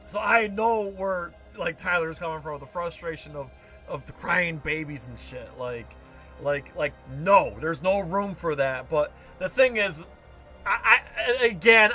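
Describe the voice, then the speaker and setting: A man in casual chat, telling excitable, rambling stories. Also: fairly high pitch.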